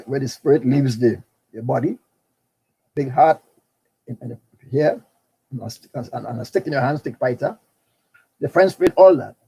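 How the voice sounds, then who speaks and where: A man's voice: a little high, mellow, breathy edge, poor audio. An older man with a Trinidadian accent lecturing on carnival history, telling it with animation, breaking into snatches of calypso song and often repeating words. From Trinidad and Tobago.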